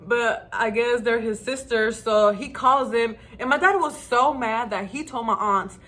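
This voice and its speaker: A woman's voice: a little high, moderate pace, hardly any pauses, fairly bright tone. A young adult woman telling a personal story to her viewers in a casual, chatty way, laughing often. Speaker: vlogger.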